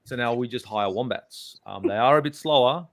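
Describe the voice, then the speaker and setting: A man's voice: mid-range voice, normal speed. A man with an Australian accent, a guest football channel host, joking and rambling in casual chat over a video call. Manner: joking, rambling, self-deprecating.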